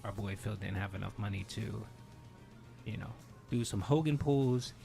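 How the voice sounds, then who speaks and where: A man's voice: fairly low pitch, normal speed, gravelly, mellow, soft background music. A man giving a sarcastic, mock-preachy recap as co-host.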